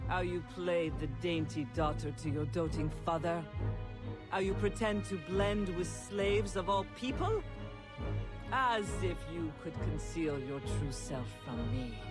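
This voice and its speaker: Brief: slow, taunting game villain stepmother, loud music behind. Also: fairly low pitch. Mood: mocking. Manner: slow, taunting, drawn-out delivery. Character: cold scheming stepmother, mocking and menacing. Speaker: scheming stepmother.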